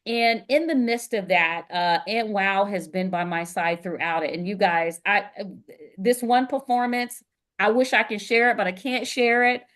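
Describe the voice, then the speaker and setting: Middle-aged woman, podcast co-host, casual chat, animated storytelling, lots of "um"s, mid-pitched voice. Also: moderate pace. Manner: animated storyteller, frequent "um" fillers.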